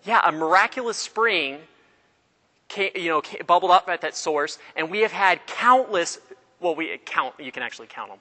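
A man with a bright, fairly high voice gives a classroom lecture on religion. He quizzes his students, tells stories, and often breaks off to restart a sentence. The sound rings with a long room reverb. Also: animated, moderate pace. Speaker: religion teacher.

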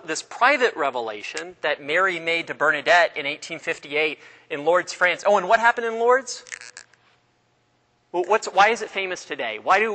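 In a classroom lecture on religion, a man with a bright, rather high voice questions his students and tells stories, frequently stopping to start a sentence over. He is a religion teacher, and a long room reverb makes the sound ring.

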